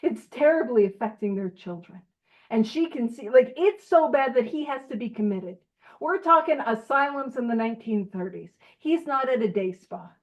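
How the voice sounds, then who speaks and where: A woman's voice: a little high, expressive, normal speed. A woman leading a recovery book study group, teaching in a casual, playful way and laughing often. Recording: dull lo-fi audio.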